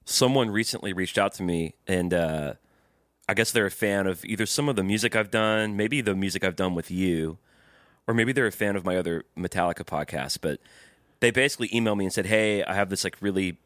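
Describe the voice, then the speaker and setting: A man's voice: sits low, fairly quick, fairly bright tone, no echo. A man co-hosting a casual comedy podcast, ranting and joking with a mocking edge, laughing often and swearing freely. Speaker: podcast co-host.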